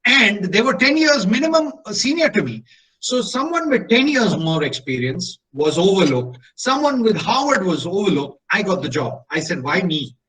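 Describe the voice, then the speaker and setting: Middle-aged Indian-accented male speaker, high voice, lively storyteller who voices all the dialogue, slightly distant mic. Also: moderate pace. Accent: Indian English. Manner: animated storyteller acting out dialogue. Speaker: motivational speaker. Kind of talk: motivational storytelling talk.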